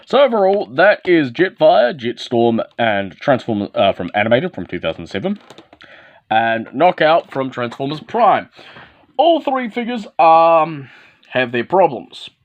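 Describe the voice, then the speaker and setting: A man's voice: fairly high pitch, sing-song, unhurried. A man giving a casual, hands-on toy review, calling out short step-by-step moves as he handles the figure. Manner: talks while handling and transforming a toy, short step-by-step instructions. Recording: dull lo-fi, dry.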